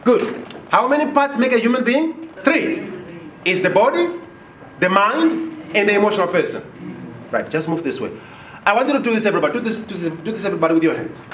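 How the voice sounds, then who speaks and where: A male trainer lectures a live class in a high, lively voice and keeps quizzing the room. He acts out short office scenes as he goes. The sound is roomy and distant, with echo from the training room and a faint hum of background noise. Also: a little fast. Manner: animated, asks the class questions and acts out dialogues. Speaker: business trainer.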